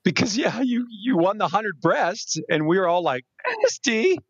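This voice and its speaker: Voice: mid-range voice, expressive, normal speed, breathy edge, no room sound, muffled recording. A podcast host chatting casually with a guest, mostly in short reactions. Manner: brief reactive interjections. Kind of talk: casual interview chat.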